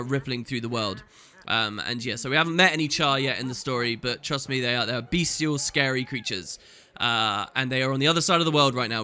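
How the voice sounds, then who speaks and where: A man's voice: mid-range voice, pushed and bright, clear, resonant tone. A man hosting a let's play, chatting casually and thinking aloud over game music.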